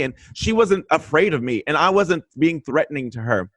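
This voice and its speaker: A man's voice: on the high side, normal speed. A man telling a story in casual chat as a guest, acting out the quotes. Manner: animated storyteller, acts out quotes. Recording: remote video call.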